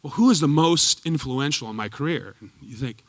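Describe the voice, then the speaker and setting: A man telling lively, laughing stories about his old coach to a live audience, acting out the quotes. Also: medium pitch, brisk. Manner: animated, laughing, acts out quotes. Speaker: former goalkeeper telling stories at a tribute event. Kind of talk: storytelling speech to a live audience. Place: performance hall stage.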